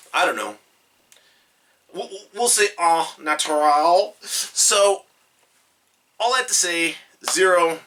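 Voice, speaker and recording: A man giving a video game review in an animated, exclamatory and emphatic way. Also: fairly high pitch, far from the mic, slight background noise.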